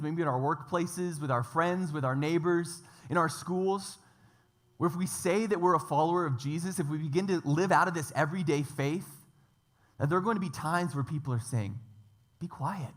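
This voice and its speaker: A man's voice: a little high, moderate pace. A man preaching a church sermon, emphatic, stacking up repeated phrases and lists. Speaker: pastor.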